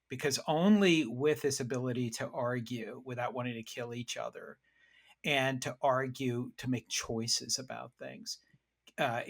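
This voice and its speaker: Middle-aged man, gravelly voice, lively anecdotes, podcast guest. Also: mid-range voice. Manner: animated storyteller with frequent restarts. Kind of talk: conversational interview storytelling.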